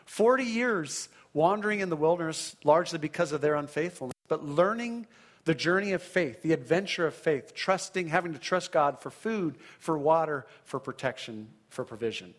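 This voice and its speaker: A man's voice: on the high side, expressive, normal speed. A man preaching a sermon, reading scripture aloud with dramatic emphasis and checking in with the congregation. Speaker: pastor.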